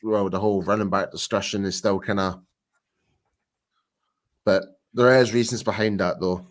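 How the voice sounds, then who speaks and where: A very tired man co-hosting a casual fan podcast, teasing his friends in animated banter. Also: fairly low pitch, normal speed. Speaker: podcast co-host.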